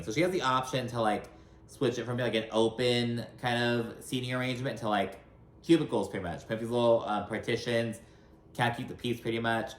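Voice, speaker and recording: A man's voice: mid-range voice, steady tone, brisk. A man recapping a reality show in a gossipy, sarcastic way, cursing freely and filling his speech with "like.". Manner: gossipy, sarcastic, swears a lot, many "like" fillers. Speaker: recap commentator. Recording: echoey room with faint hum.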